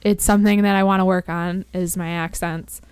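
A woman's voice: lowish voice, level tone, a little fast, darkish tone, clear, resonant tone, dry recording. A woman guest chatting casually on a podcast and telling stories. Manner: chatty, storytelling with playful put-on voices. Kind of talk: casual chat.

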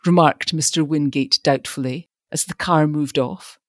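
A woman narrating an audiobook with expressive storytelling. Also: low-pitched, measured pace, few pauses, no room sound, studio quality.

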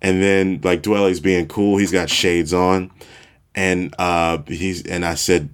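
A man in his forties tells a story on his podcast in a very deep voice. He talks slowly and keeps it casual, poking fun at himself as he goes. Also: clean tone. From Chicago, USA. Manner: relaxed, self-deprecating storyteller, chuckles at himself. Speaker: podcast host.

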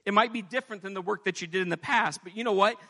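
A man's voice: sits high, rapid-fire, bright, forceful tone. A man preaching a sermon with impassioned delivery, rising into pleading as he voices scripture. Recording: long hall reverb.

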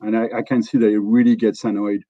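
A man's voice: lowish voice, little pitch movement, quick pace, warm tone, no echo, lo-fi sound. A middle-aged man with a French accent, a company executive telling stories as an interview guest, with many fillers and restarts. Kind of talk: conversational storytelling.

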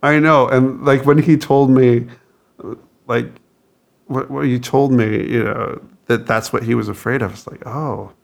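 A man's voice: mid-range voice, fairly even intonation. A man co-hosting a casual movie review podcast, laughing often as he talks. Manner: slow, gravelly, laughs often. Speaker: podcast co-host.

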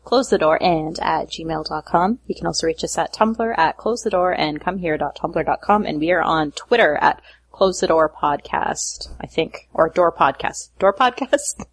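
A woman's voice: sits low, normal speed, breathy edge. A woman hosting a podcast in casual chat, laughing often and swearing playfully. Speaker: podcast host.

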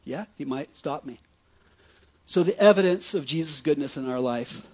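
A male pastor preaching a sermon in a conversational, animated way, often checking in with his listeners. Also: on the high side, normal speed. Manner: conversational, animated preaching with frequent "right?" asides.

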